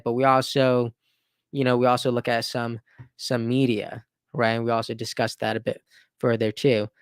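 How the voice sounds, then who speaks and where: A man in his thirties hosts a casual live stream, answering viewer questions with earnest enthusiasm, often restarting phrases and tacking on "right?". His voice is medium-pitched and smooth, recorded clean in a studio with no room sound.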